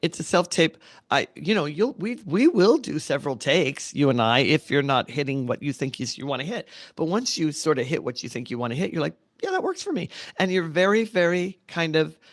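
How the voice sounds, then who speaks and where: A middle-aged man co-hosting a podcast in casual chat, animated, swearing freely and acting out quotes. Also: on the high side, fairly quick, few pauses, dry recording, clean studio sound. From United States. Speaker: podcast co-host.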